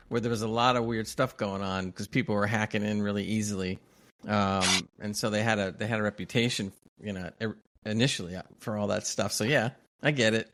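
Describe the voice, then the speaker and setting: An older man with a low, deep voice talks through a casual podcast conversation. He speaks in a measured, reflective way and sometimes restarts his sentences. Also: fairly bright tone. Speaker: podcast co-host. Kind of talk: casual chat.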